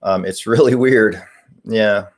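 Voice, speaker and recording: This paranormal live-streamer is a man in his forties with a fairly low voice and a slow delivery. On his casual stream he reads chat questions out loud and answers them in a meandering way, full of filler words.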